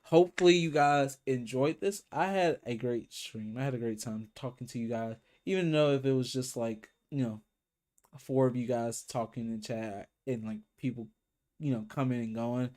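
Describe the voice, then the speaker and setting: A man talks casually to his viewers at the end of a livestream. His voice sits at an ordinary middle pitch. He rambles and restarts his sentences often. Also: moderate pace, darkish tone. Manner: rambling, with many fillers and restarts. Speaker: K-pop reaction streamer.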